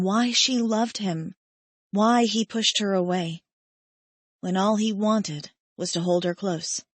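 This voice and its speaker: A woman narrating a romance audiobook in the first person, emotive and measured. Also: mid-range voice, no echo.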